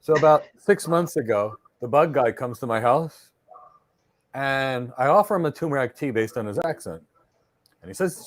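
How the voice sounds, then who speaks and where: A man's voice: on the high side, expressive, fast. A man running a mock job interview on a live stream, enthusiastic and chatty, telling stories as he goes. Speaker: interviewer and career coach.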